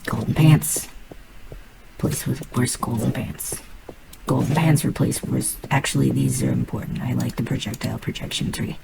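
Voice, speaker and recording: A woman's voice: extremely low pitch, fairly even intonation, moderate pace, gravelly, heavy background noise. A woman casually talking through her gameplay, playful and muttering to herself, swearing now and then. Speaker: gamer.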